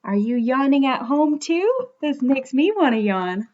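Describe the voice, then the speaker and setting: A young Canadian woman, a children's librarian, reads a bedtime story aloud in a high, animated, unhurried voice, gently and playfully coaxing little listeners to join in. The sound is lo-fi.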